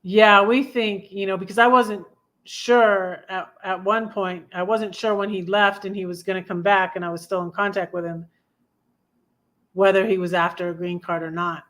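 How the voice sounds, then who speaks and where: A woman's voice: mid-range voice, fairly even intonation, moderate pace, a bit bright. Woman, fifties, livestream host, casual storytelling, confiding, rambling, mid-range voice. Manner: rambling, confiding, frequent self-corrections.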